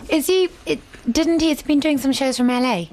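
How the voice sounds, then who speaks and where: Playful woman guest, bright pitch. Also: moderate pace. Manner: playful, mock-apologetic. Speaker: studio guest. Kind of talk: casual chat.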